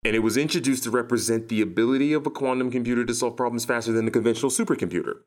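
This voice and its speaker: A man's voice: mid-range voice, fairly even intonation, very fast. A man co-hosting a casual conversation, rambling with many restarts and a sardonic edge.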